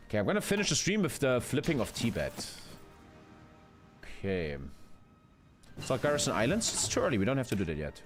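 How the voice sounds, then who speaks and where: A man's voice: wildly swooping pitch, a little fast, pauses often, over music. A man, commenting live on his own strategy game and swearing a lot. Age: 30s. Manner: swears a lot, jumps into loud high yelps. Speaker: streamer.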